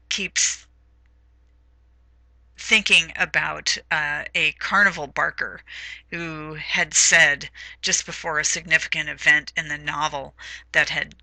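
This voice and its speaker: A woman's voice: deep voice, sharp tone, no echo, rough recording. A woman teaching a literature lesson in a recorded lecture, talking in a hesitant way with many fillers.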